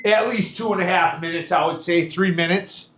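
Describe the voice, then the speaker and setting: Chatty high-voiced man in an echoey kitchen. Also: normal speed, a bit bright, slight background noise. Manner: chatty, folksy, lots of fillers. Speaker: home cooking show host. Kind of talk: casual step-by-step cooking demo. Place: home kitchen.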